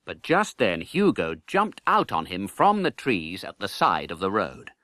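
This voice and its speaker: A man reading a children's storybook aloud with expressive narration. His pitch swings widely and his tone sounds bright. The recording is dry and close. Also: a little slow, no echo. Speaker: audiobook narrator.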